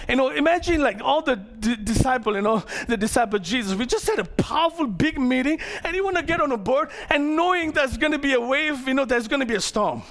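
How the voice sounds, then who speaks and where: A man preaching a sermon as pastor to his congregation, animated, acting out the characters of the story and joking with the crowd. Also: very high voice, brisk, few pauses. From Malaysia. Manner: playful asides to the congregation.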